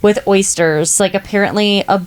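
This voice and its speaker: A woman's voice: mid-range voice, steady tone, moderate pace, clean tone. A young woman co-hosting a podcast in casual chat, slangy and enthusiastic. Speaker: podcast co-host.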